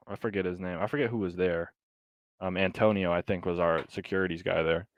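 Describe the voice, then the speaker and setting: A man with a fairly low voice tells a story to a friend on a podcast, with animated, casual talk full of fillers and the odd curse. The sound is dry and close, with no room echo. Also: moderate pace, long pauses, smooth, lo-fi sound. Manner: animated, swearing, lots of fillers. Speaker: podcast co-host.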